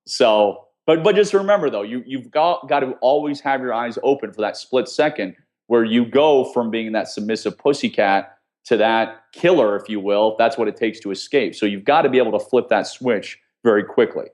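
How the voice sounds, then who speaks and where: A man's voice: medium pitch, normal speed. A man, a former intelligence officer, explaining survival techniques step by step as a guest in an interview. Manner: steady, instructive, explains step by step with examples. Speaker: guest, former CIA officer teaching escape skills. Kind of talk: conversational interview.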